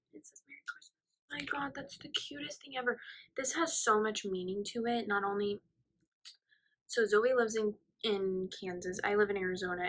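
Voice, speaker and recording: Young woman opening presents, super gushy, breathy, goes whispery a lot. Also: medium pitch, sharp tone, poor audio. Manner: gushing, often drops to a whisper. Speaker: friend opening gifts. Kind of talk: casual unboxing talk.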